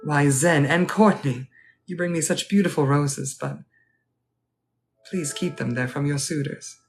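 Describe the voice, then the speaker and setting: A man playing a polite, wistful Edwardian gentleman at a ball, speaking formally and courteously in a live role-play. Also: fairly high pitch, unhurried, gravelly, soft background music. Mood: genteel. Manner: formal, courteous, old-fashioned phrasing.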